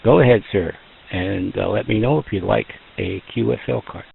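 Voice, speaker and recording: A man's voice: lowish voice, vocal fry, breathy edge, narrow, tinny audio. A man running an amateur radio net, chatting in a folksy, joking way over a radio transmission. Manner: folksy, joking, slow and drawn out. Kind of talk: casual radio net chat.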